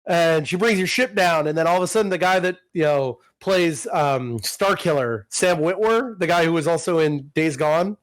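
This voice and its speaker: A man's voice: on the high side, moderate pace, few pauses, no echo. A man co-hosting a podcast, recapping a game plot in a rambling, profane casual chat. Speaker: podcast co-host.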